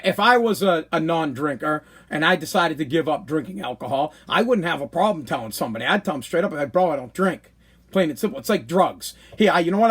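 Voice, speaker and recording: Casting: male podcast host, slightly high voice, rambling and animated, trips over repeated words mid-story. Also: slightly rough. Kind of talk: casual storytelling monologue.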